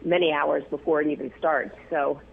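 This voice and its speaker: A man telling stories as an interview guest, rambling with many fillers and restarts, his voice gravelly and husky. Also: fairly high pitch, little pitch movement, moderate pace. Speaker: news photographer, interview guest. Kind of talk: casual interview storytelling. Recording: tinny phone line.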